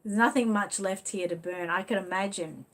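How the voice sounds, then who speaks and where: A woman's voice: medium pitch, moderate pace. An Australian woman hosting a casual live stream. She talks in a loose, chatty way, answering viewers as she goes. Her phrasing is full of easy fillers and friendly asides. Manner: chatty, leans on "you know" fillers. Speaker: livestream host. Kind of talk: casual live chat reading viewer comments.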